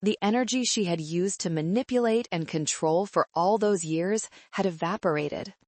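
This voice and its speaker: Calm woman narrating a story. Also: lowish voice, normal speed, dry recording. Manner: calm, steady delivery. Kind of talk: first-person story narration.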